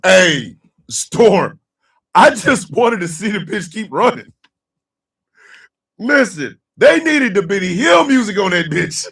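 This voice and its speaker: A man chatting loosely with his livestream chat, telling a story loudly and profanely and often breaking into laughter. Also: high-pitched, very animated, takes it slowly, vocal fry, pauses often, distant mic.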